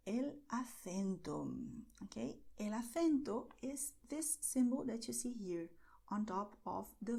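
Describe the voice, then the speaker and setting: Patient woman teaching Spanish, mellow voice. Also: fairly high pitch, breathy edge. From Spain. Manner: patient, reassuring, often adds "okay?". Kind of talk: online language lesson.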